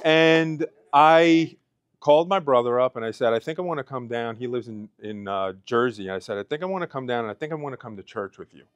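A man's voice: medium pitch, normal speed, smooth, no room sound. A man in his thirties giving an emotional personal testimony speech at an event, fighting back tears as he talks. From Pennsylvania. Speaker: speaker. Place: event hall.

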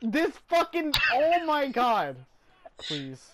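A young man streaming a hockey game, loudly swearing and ranting in mock outrage at a teammate. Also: extremely high pitch, huge pitch swings, slow pace. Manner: loud, swearing, incredulous ranting with laughter. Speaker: gaming streamer. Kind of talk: casual gaming banter.

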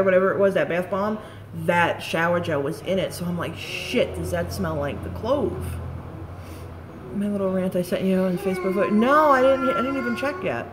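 A late-thirties woman rambles through a casual live-stream chat, cursing offhandedly as she goes. Her voice sits at an ordinary middle pitch, with a faint hiss of noise behind it. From Staten Island, New York. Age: late 30s. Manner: rambling, chatty, swears casually. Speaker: beauty product reviewer.

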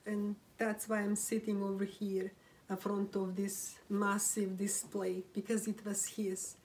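A grieving woman telling a personal story at home, in a halting voice near tears with whispered phrases and many restarts. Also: mid-range voice, level tone, a little mellow, recorded from a distance, slight background noise, rough recording. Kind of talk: emotional first-person storytelling. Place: room at home, seated.

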